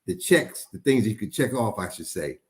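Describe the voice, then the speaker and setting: A man's voice: lowish voice, normal speed. A man, a guest pastor, talking casually about marriage, often restarting words and acting out little quotes. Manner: animated, repeats words, acts out quotes.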